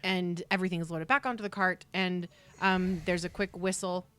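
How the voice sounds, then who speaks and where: A woman's voice: on the low side, flat delivery, normal speed, fairly bright tone, smooth. A woman narrating a tabletop role-playing game as game master, chatty with lots of fillers.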